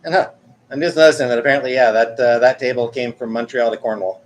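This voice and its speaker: A Canadian man in his forties, streaming, reads chat and talks casually with his viewers. He rambles hesitantly and keeps correcting himself, speaking fast with a medium pitch and steady tone.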